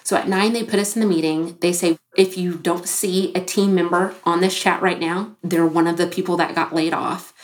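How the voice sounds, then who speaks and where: A woman in her thirties, a podcast guest telling her own story in casual talk, animated, with frequent "like" fillers and acted-out quotes. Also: lowish voice, normal speed, few pauses. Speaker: podcast guest, business founder.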